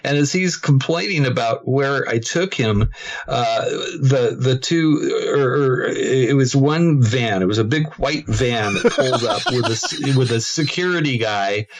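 A man's voice: medium pitch, unhurried, a little hiss or hum. A man with an ordinary mid-range voice tells long stories in casual chat. He hesitates often, filling gaps with uh and restarting his sentences. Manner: relaxed storyteller, hesitant with many uhs.

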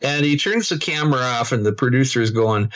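A man's voice: mid-range voice, a little fast, muffled recording. A man with an ordinary mid-range voice tells long stories in casual chat. He hesitates often, filling gaps with uh and restarting his sentences. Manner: relaxed storyteller, hesitant with many uhs.

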